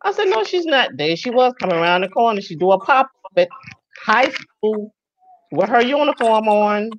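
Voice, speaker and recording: A woman's voice: mid-range voice, animated, moderate pace, dull audio. A woman guest in a casual chat, talking emphatically and repeating herself for effect.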